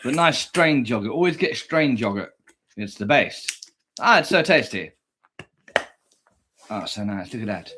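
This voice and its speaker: A man's voice: mid-range voice, sing-song, unhurried, pauses often, bright, forceful tone, slight background noise. A man hosting a reaction video, chatting in a rambling, crude way and talking to his pet. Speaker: reaction channel host. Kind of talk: casual reaction chat.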